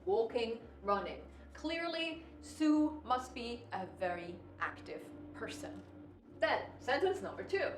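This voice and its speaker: A woman with a high voice teaches a test-prep lesson, walking through each example step by step and slowing down to read sentences aloud. She sounds a little distant from the mic in a roomy space, with faint music underneath. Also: lively intonation, noisy background. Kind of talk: recorded video lesson.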